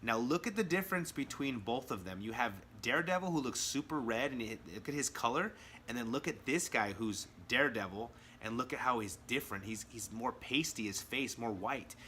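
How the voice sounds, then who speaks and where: An enthusiastic man hosting a casual comic book review video, excitedly walking viewers through storylines. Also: medium pitch, a little fast, a little hiss or hum. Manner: enthusiastic, acts out quotes in character voices.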